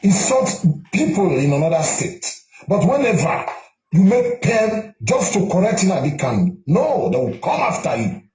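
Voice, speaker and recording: A man's voice: sits high, sing-song, normal speed, darkish tone, roomy sound, poor audio. A man speaking indignantly in an old video of political commentary, dismissive of his opponents.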